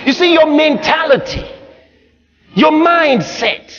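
A male pastor preaching a sermon, emphatic and often shouting, acting out the voices of the people he quotes. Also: extremely high pitch, lively intonation, takes it slowly. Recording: muffled live recording with crowd and noise.

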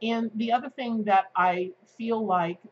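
A woman giving a daily tarot card reading to her viewers, chatty and excitable, with plenty of fillers. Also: a little high, measured pace, dull audio. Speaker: tarot reader.

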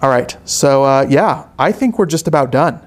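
A young man hosting a live painting lesson, relaxed and joking with chatty asides. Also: medium pitch, normal speed. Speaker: art instructor hosting a live painting stream. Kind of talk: casual live tutorial chat.

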